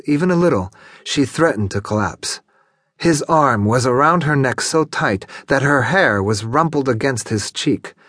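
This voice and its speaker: A man narrating a literary novel as an audiobook, in a measured, expressive storytelling manner. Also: mid-range voice, dry recording, studio quality. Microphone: studio microphone, close.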